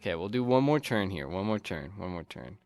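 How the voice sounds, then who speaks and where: A man's voice: deep voice, very animated, a little fast, a little mellow, faint music behind. A man giving casual let's-play commentary, rambling and thinking aloud as he plays. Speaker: gameplay commentator.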